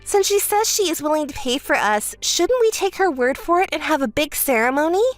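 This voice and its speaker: A woman's voice: lively intonation, a little fast, faint music behind. A woman voicing a spoiled, self-centered young bride who bosses her sister around, in a texting-story voice-over. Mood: smug. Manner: whiny, bossy, shrill when angry.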